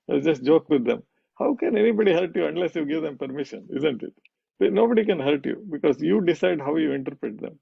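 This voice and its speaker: A man's voice: a little high, lively intonation, fairly quick, vocal fry, warm tone, breathy edge, dry recording, dull audio. A middle-aged man answering questions in a conversational Q&A, telling reflective, jokey stories. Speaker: guest speaker.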